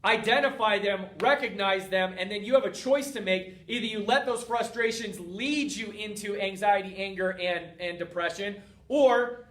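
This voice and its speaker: A man hosting a motivational talk, speaking directly to his listeners in an energetic, coaching way. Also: high-pitched, moderate pace. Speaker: host. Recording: roomy, distant from mic.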